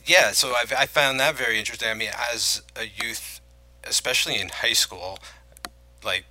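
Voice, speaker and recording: A man's voice: medium pitch, normal speed, pushed and bright, no echo, rough recording. A man co-hosting a podcast, chatting casually about films and his own memories, rambling with lots of fillers and restarts. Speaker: podcast co-host. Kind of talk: casual film chat.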